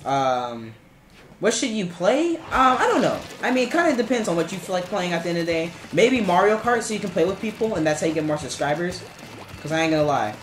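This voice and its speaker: A male game streamer giving casual live-stream commentary, rambling and playful, now and then chanting a word in sudden high squeals. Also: sing-song, a little fast, a little hiss or hum. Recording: echoey room with faint game music.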